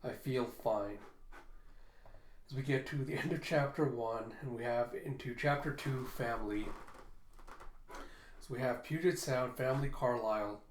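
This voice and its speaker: A man's voice: medium pitch, moderate pace, a little hiss or hum. A man casually reading and retelling a comic aloud, linking quotes with "and he goes". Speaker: comic readthrough host. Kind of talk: casual read-aloud narration. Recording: roomy echo.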